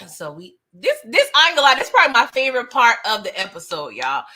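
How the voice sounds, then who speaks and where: A woman casually recapping a TV episode in slangy, animated talk, laughing often. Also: a little high, fast talker. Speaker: TV recap host.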